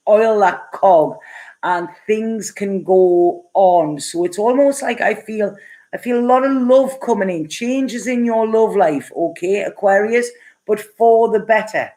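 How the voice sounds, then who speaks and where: A middle-aged woman chats her way through a live tarot reading, picking up viewer comments as she goes. She rambles and laughs often, with plenty of fillers. Her voice sits at an ordinary middle pitch. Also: a little mellow. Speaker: tarot reader.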